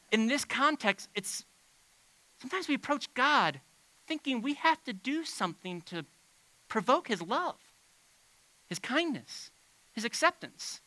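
A man preaching a sermon on a church stage, talking in a loose, conversational way with big swings between quiet and loud. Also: very high-pitched, takes it slowly, pauses often, no echo, poor audio. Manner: animated, conversational preaching with dramatic swings in volume. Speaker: pastor. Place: church stage under bright lights.

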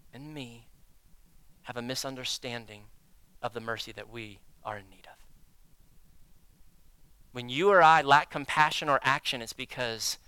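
In a dry recording, a pastor with a smooth, mid-range voice delivers a sermon. He performs prayers and inner conversations with God, moving between loud emphasis and slow, hushed phrasing.

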